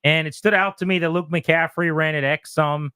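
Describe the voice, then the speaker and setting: Male radio host, slightly high voice, dry studio mic. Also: steady tone, pushed and bright, clear, resonant tone, no room sound. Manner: brisk, conversational questions. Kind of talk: sports radio talk.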